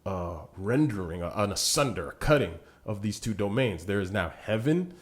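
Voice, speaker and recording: A man co-hosting a podcast, casually teaching through a Bible passage and often checking in with "right?", growing animated as he retells the scenes. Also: lowish voice, moderate pace. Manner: gets animated when retelling scripture. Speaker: podcast co-host.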